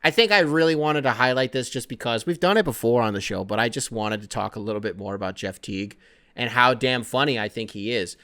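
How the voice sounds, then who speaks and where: A man's voice: mid-range voice, fairly quick, fairly bright tone. A male podcast host in easygoing conversational mode, reading and answering listener mail. He drifts from one thought to the next with a scattered, rambling delivery. His talk is casual and peppered with profanity. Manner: loose, rambling and profane, self-described scatterbrained.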